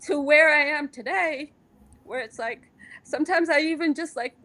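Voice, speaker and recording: A woman's voice: high voice, normal speed, bright, forceful tone. A middle-aged woman from Afghanistan, a guest in a candid interview, speaking with passion and repeating phrases for emphasis.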